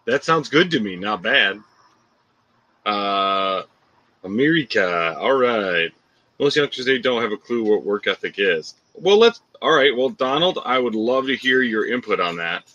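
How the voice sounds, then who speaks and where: A man's voice: fairly low pitch, expressive, unhurried, sharp tone, muffled recording. A man hosting a live podcast, chatting casually, reading viewer comments and laughing often.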